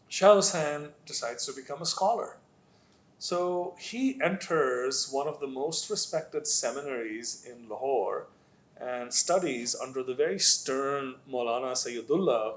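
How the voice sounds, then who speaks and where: A male author at a literary panel, talking through a story in a measured, explanatory way with many fillers. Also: mid-range voice.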